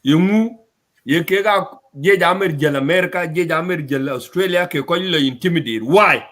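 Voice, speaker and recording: A man speaks to his community, upset and insistent, and circles back to the same points again and again. His voice sits somewhat high for a man. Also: moderate pace, fairly bright tone. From South Sudan. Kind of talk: impassioned address to his community.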